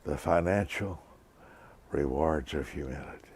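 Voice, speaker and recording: A man in his seventies preaching a sermon slowly and emphatically, repeating key lines. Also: rumbling low, a little mellow, husky. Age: 70s. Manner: slow, emphatic preaching with repetition.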